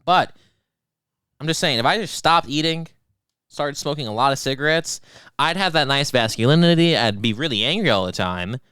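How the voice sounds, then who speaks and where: With a fairly high, clear, resonant voice at a moderate pace, this young podcast co-host trades casual banter and tells crude, lively stories, performing his own quotes. The studio sound is clean, with no echo.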